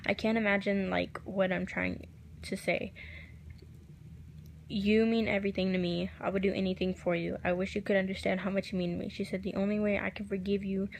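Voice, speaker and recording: A woman telling a personal story to camera, recounting quoted text messages in a soft, halting voice that drops at times to near a whisper. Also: mid-range voice, flat delivery, gravelly, slight background noise. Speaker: vlogger.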